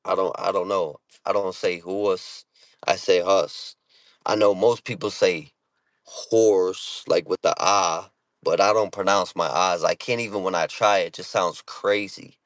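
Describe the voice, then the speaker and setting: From inside his parked car, a Massachusetts vlogger with a Boston accent chats profanely and casually to the camera, brash and full of street slang, with "you know what I'm saying" on repeat. His low voice is steady, a bit bright, at normal speed, with no echo.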